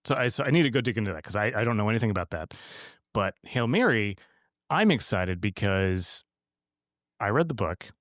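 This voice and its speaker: A man with a fairly low voice co-hosts a casual podcast and tells stories in a rambling way, full of restarts and little laughs. The sound is dry and close, with no room around it. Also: big pitch swings, fairly quick, a bit bright, no room sound. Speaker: podcast co-host. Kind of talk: casual chat.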